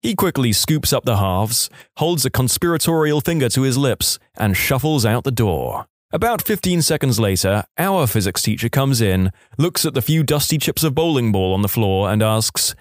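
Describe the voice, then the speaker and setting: A man's voice: mid-range voice, big pitch swings, normal speed, no room sound, studio quality. A man reading listener-submitted stories aloud, with wry, sarcastic asides. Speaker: story narrator.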